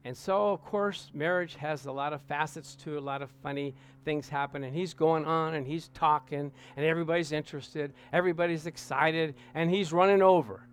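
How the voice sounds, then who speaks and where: A man preaching to a congregation, telling a lively anecdote and acting out the voices of the people in it. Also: a little high, a little fast, few pauses, clean tone. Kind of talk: storytelling sermon to a congregation.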